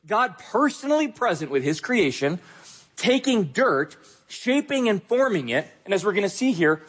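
A man's voice: a little high, slightly rough. A male pastor preaching a sermon, talking straight to the listener with earnest, emphatic repetition.

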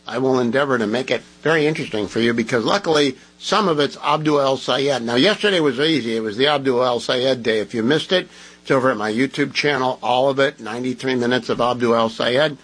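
A man with a slightly husky voice hosts a talk radio show, speaking into a studio microphone. He talks in an opinionated, conversational way. He sounds groggy from medication. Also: mid-range voice, a bit bright, poor audio.

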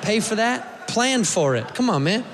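Loud, profane American stand-up comic. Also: male voice, high-pitched, very animated, unhurried, big-room sound, heavy background noise. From United States. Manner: loud, profane, acts out characters. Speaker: stand-up comedian. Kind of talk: stand-up comedy set.

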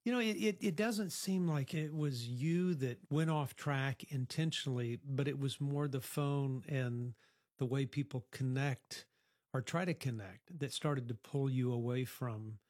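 A man's voice: medium pitch, unhurried, darkish tone, dry recording, clean studio sound. A middle-aged man interviewing a teenager at a youth program, asking probing, reflective questions. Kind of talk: counseling-style interview.

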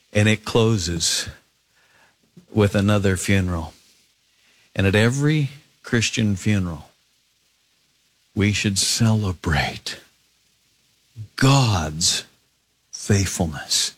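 A male pastor preaching, reading scripture aloud and adding expressive asides. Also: fairly low pitch. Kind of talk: sermon.

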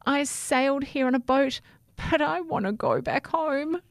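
A tiny, hopeful boy toothbrush from a storybook, as a woman narrator puts him on, squeaking high and bright. He sounds eager and a little lost, and his words come out slow. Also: no echo, clean studio sound.

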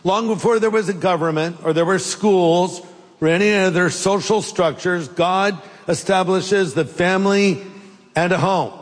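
A man's voice: high-pitched, measured pace, in a large hall. A man preaching a sermon as a pastor, playful and joking at times. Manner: playful, jokes and puts on silly accents.

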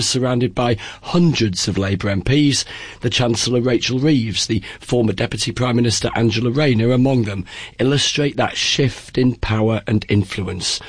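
A man's voice: medium pitch, husky, no echo. A man, a political editor, filing a vivid news report that shifts its pace.

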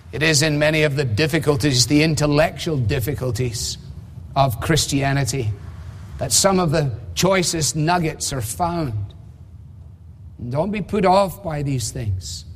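A man delivers an expository sermon from the pulpit, measured and emphatic, often asking rhetorical questions. His voice sits somewhat high for a man. Long reverb from a large hall trails after each phrase. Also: slight background noise. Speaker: preacher.

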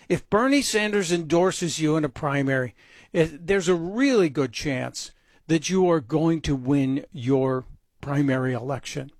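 A man with a fairly high voice holds forth as a talk radio host, his commentary sarcastic and mocking. The recording is dry, close on the mic. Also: measured pace, dry recording. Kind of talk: opinion talk radio monologue.

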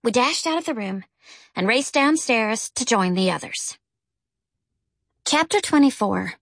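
A woman narrating a children's novel as an audiobook, with a gentle storytelling manner. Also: animated, a little slow, no room sound. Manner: gentle storytelling, lifts pitch for characters' lines. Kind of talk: scripted narration.

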